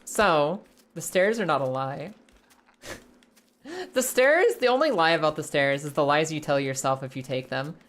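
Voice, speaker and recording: A young woman with a slightly low voice narrates her own gameplay live, chatting to viewers and swearing freely. Her talk is loose and conversational. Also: expressive, a little slow, long pauses. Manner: chatty, swears, talks to her chat while playing. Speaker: streamer.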